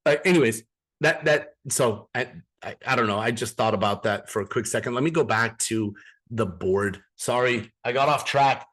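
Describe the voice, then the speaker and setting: A man's voice: medium pitch, moderate pace, a bit bright. Man giving a chatty online business training. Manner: storytelling, repeats words and restarts, addresses audience directly. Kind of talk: live online training presentation. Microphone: video call.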